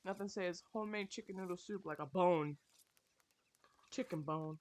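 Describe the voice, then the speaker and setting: A woman's voice: fairly low pitch, moderate pace. Young woman, casual streamer rant, heavy swearing, exasperated. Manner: swears a lot, animated and exasperated. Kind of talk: casual rant while playing a game.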